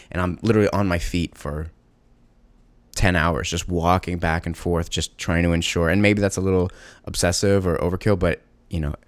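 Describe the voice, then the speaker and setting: A man with a low, deep voice speaks haltingly about being a parent, circling back with fillers and restarts. The sound is dry and close, with no room around him. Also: no echo. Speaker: parent of a young child. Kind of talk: personal monologue.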